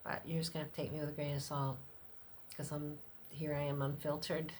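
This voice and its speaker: Speaking a little fast in a level tone, with a faint hiss or hum behind her, a middle-aged woman rambles candidly through an unscripted personal vlog. She uses fillers, swears now and then, and quotes others by jumping to a much higher voice.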